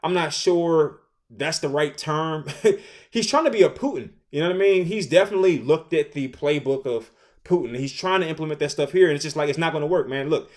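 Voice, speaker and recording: Animated man ranting casually. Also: a little high, fairly quick. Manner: animated, repetitive, conversational with slang. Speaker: commentary host. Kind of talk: casual opinion commentary.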